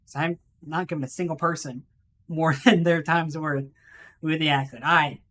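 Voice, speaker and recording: A woman's voice: deep voice, fairly even intonation, moderate pace, fairly bright tone. A woman streamer chatting casually to her viewers while gaming, swearing freely and laughing often. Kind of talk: casual live-stream chat.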